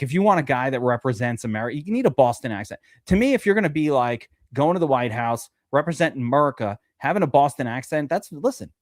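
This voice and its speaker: A man talking fantasy sports on a casual podcast, animated and joking, swearing freely. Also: mid-range voice, dry recording, studio quality.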